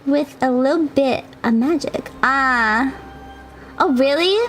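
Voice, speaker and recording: A young woman streaming a video game, chatting casually with viewers and reacting with loud shrieks. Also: high voice, slow. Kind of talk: casual live-stream chat while gaming. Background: game music and sounds.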